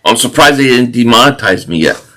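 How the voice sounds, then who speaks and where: A man's voice: mid-range voice, animated, a little fast, sharp tone, slight background noise, rough recording. A man hosting a live-stream football watch party, chatting loosely, reading viewer comments and reacting to plays while often restarting his sentences. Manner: rambling, restarts sentences, reacts to the game and chat.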